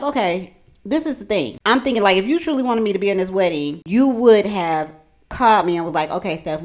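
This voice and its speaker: Woman vlogger, mid-pitched voice, casual profane storytelling. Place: home kitchen.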